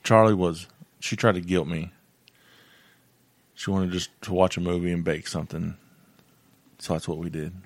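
A man's voice: low-pitched, little pitch movement, moderate pace, pauses often, no room sound. A man in his thirties co-hosting a casual chat, easygoing and bantering. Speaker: podcast co-host.

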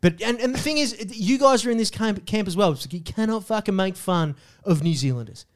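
Young Australian co-host, high voice, swearing mock rant, casual banter. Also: male voice, expressive, fairly quick. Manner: ranting, heavy swearing, mock outrage. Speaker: podcast co-host.

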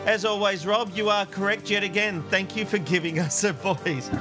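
A man's voice: sits high, normal speed, music in the background. A man co-hosting a casual chat show, reading listener comments aloud and joking and laughing often. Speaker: co-host reading listener feedback.

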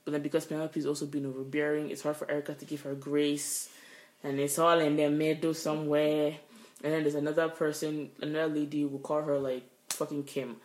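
A woman's voice: low-pitched, little pitch movement, brisk, a little mellow. A woman co-hosting a podcast, telling a workplace story in casual chat, swearing freely. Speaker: podcast co-host. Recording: roomy echo.

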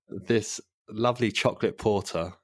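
A man's voice: on the low side, a bit bright, breathy edge, dry recording, studio quality. A man with a London accent hosting a podcast, telling a rambling story in a laid-back, sweary way. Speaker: podcast host. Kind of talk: casual chat.

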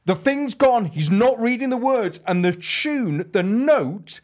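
A man's voice: extremely high pitch, slow. A man co-hosting a podcast, telling an anecdote in casual chat and acting out the voices of the people in it. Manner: animated, acts out the voices in his anecdotes. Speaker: podcast co-host.

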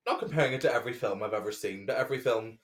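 A man's voice: medium pitch, very fast, fairly bright tone. A man co-hosts a laid-back chat podcast in an ordinary, mid-range voice. He talks in a playful, jokey way, rambling and restarting his sentences as he goes. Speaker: podcast co-host. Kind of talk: casual chat.

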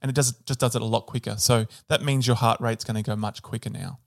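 A man's voice: mid-range voice, fairly even intonation, fast, gravelly, no room sound, clean studio sound. Man explaining physiology casually. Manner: explains with fillers and self-corrections, joking. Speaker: podcast co-host. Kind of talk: casual educational chat.

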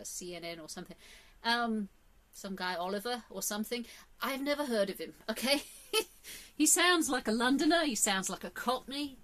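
A woman's voice: medium pitch, a bit bright. Chatty opinionated English woman. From England. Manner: chatty, rambling, with many fillers and sudden emphatic rises. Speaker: vlogger. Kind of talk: casual opinionated monologue.

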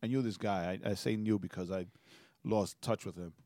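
A man's voice: low-pitched, fairly even intonation, brisk, mellow, dry recording. A man co-hosting a podcast in a casual chat, telling stories and tagging nearly every sentence with a questioning "right?". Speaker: podcast co-host.

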